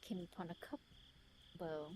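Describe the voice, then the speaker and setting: A woman's voice: lowish voice, fairly even intonation, normal speed, warm tone, slight background noise, lightly acted. A woman reading the lines of a smug, teasing otherworldly young man from a story game aloud, in a put-on British accent.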